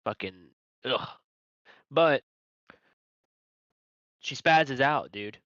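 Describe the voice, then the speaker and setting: A crude man rambles and swears through a heated debate, his voice bright and forceful. He wanders off track as he talks. The sound is dry and dull, like a lo-fi recording. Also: medium pitch, animated, drawn-out words, no echo.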